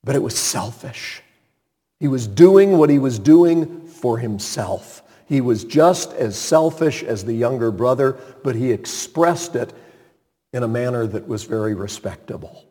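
A man's voice: medium pitch, lively intonation, a little slow, warm tone, husky. A man preaching a sermon, retelling a story with dramatic emphasis and sudden emphatic peaks. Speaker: pastor. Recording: reverberant hall.

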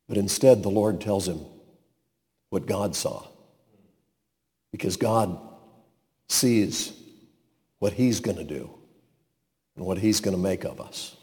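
Slow, lively preacher man in reverberant hall. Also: fairly low pitch. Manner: dramatic shifts from loud to hushed, acts out quotes. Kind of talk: sermon.

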